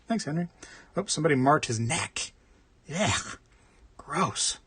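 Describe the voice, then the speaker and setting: A man's voice: a little high, lively intonation, unhurried, noisy background. A man hosting a casual livestream, rambling and chatting while reading out viewer comments. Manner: rambling, chatty, reads out chat. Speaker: livestream host.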